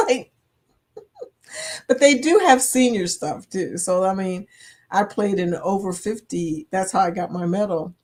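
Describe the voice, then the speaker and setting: A woman's voice: medium pitch, slow pace, long pauses, a little mellow. A woman in her fifties hosting a casual live chat, reading viewer comments aloud, laughing often and playful. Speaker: livestream host.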